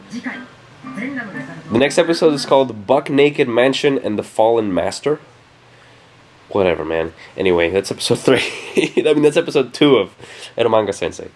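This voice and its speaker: A man's voice: medium pitch, big pitch swings, normal speed, pauses often, a little mellow, faint music behind. Crude exasperated man reacting to anime. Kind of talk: casual reaction commentary.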